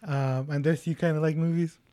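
A man's voice: fairly high pitch, fairly even intonation, moderate pace, warm tone, no room sound. A man of about twenty hosting a podcast in casual chat, rambling and self-mocking. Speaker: podcast host.

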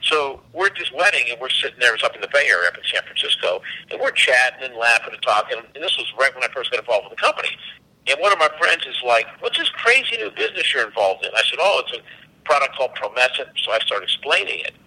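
A man, a company CEO and podcast guest, telling animated anecdotes and acting out the dialogue. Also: medium pitch, quick pace, breathy edge, poor audio. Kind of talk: casual storytelling.

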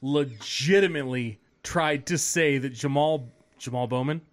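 A man co-hosting a podcast, telling stories in a profane, animated, casual way. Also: mid-range voice, unhurried. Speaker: podcast co-host. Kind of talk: casual chat.

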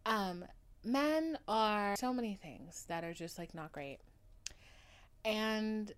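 Overdramatic, gushing young woman podcaster. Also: mid-range voice. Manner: overdramatic, gushing, swearing freely, with sudden loud outbursts. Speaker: podcast host. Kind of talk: solo podcast monologue.

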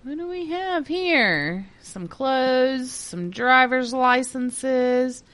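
A woman's voice: high voice, expressive, very slow, a bit bright, dry recording. A woman co-hosting a casual true-crime podcast, reacting with crude jokes and quips. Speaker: podcast co-host.

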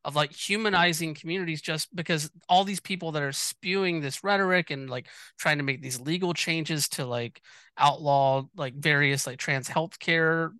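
A man's voice: a little high, moderate pace, pushed and bright, clean tone, no room sound. A man hosting a podcast, responding with supportive, thoughtful commentary in a casual interview. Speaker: podcast host.

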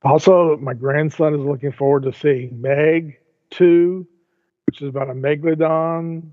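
A man's voice: on the high side, steady tone, a little slow, no room sound. Older man rambling over a tinny line. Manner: rambling, frequent restarts and repeated words. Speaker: podcast co-host. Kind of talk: casual podcast chat. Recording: tinny phone-like line, dry.

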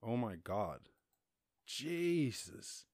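Excitable Irish man hosting a podcast. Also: mid-range voice, very slow, no echo, clean studio sound. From Ireland. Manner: excitable, reacts aloud with exclamations. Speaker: podcast host. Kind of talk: casual news chat.

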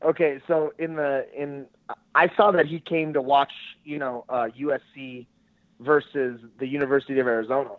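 A man's voice: mid-range voice, moderate pace, dry recording. A man telling a story as a guest over the phone, laughing and swearing as he talks. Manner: laughing, profane, animated retelling. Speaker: guest, jiu-jitsu gym owner. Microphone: phone call. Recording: tinny phone line.

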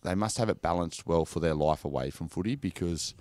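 Aussie bloke in his 30s, really deep voice, rambling laid-back yarns, dry close sound. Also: brisk, a little mellow, dry recording. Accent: Australian. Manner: laid-back storytelling, lots of "like" and "mate". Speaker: former professional footballer guest. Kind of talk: casual podcast chat.

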